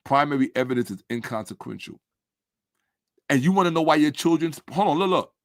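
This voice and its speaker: A man's voice: on the high side, lively intonation, brisk, no room sound, clean studio sound. A man in a combative commentary monologue, sarcastic and repeating his points for emphasis, dropping to a mutter while he checks his screen.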